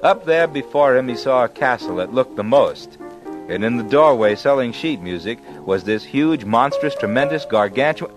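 A man's voice: medium pitch, lively intonation, moderate pace, music in the background, rough recording. A man telling a fairy tale in laid-back jazz slang on an old comedy record. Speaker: narrator. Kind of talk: comic hipster storytelling.

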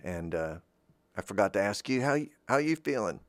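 A man with a lowish, sing-song voice hosts a podcast at a moderate pace, heard on a dry recording. His comic monologue wanders, often trailing off and starting over, and he drops in self-deprecating asides.

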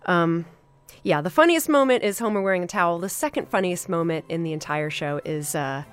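A woman hosting a podcast, reviewing an episode in a casual, enthusiastic way with many fillers and pauses. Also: on the low side, clear, resonant tone, no echo. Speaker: podcast host.

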